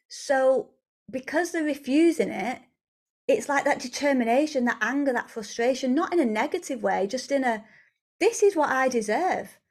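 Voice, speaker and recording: A woman hosting a motivational podcast for women, coaching in a lively monologue, acting out quoted voices and swearing freely. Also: mid-range voice.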